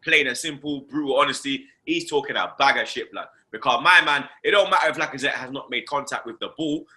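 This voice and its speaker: A brash man hosting a fan chat, his voice bright and forceful as he rants. He swears freely and keeps jabbing "you understand" and "blood" into each point, talking at a medium pitch. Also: a little fast. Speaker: host. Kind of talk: casual football fan rant.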